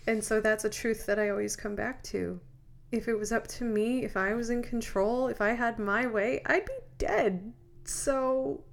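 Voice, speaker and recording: Woman with a gravelly, earnest voice. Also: fairly high pitch, normal speed. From New York. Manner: earnest, preachy testimony. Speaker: podcast co-host. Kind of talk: casual faith chat. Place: sitting on a bench. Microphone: studio microphone.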